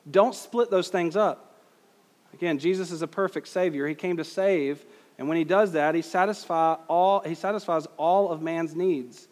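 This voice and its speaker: A man's voice: high-pitched, big-room sound. A man preaching a conversational sermon as pastor, putting questions to the congregation.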